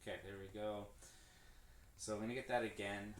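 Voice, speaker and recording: A drummer streams his practice from a room with a drum kit, loosely rambling through drum stickings, correcting himself and counting hands aloud. His voice is on the low side, flat and brisk, picked up by a distant mic in an echoey room with clear background noise.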